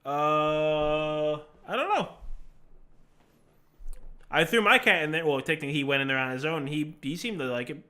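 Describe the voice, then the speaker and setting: A man's voice: on the high side, fairly quick, few pauses, pushed and bright. A man chatting casually on a live stream, rambling and laughing often as he answers questions from chat while he plays.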